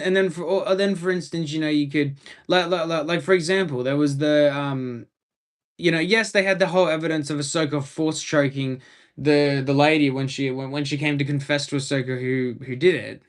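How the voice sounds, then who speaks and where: On a live stream from a room at home, a young Australian man with a fairly high-pitched voice chats casually, rambling through enthusiastic fan commentary.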